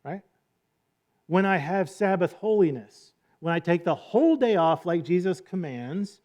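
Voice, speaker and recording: A man's voice: on the high side, a little mellow, dull audio. A man preaching a sermon in a conversational way, often checking in with "right?" and acting out quotes. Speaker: pastor.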